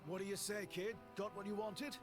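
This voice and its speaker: A man's voice: sits high, steady tone, moderate pace, music in the background, natural voice. An actor voicing a cocky young man in a video game who teases and boasts. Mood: teasing. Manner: boastful, teasing.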